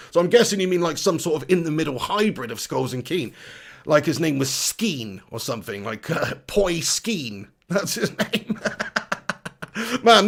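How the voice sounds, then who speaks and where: A man hosting a live stream, chatty and energetic, reading out viewer comments. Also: sits high. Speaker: football fan channel host.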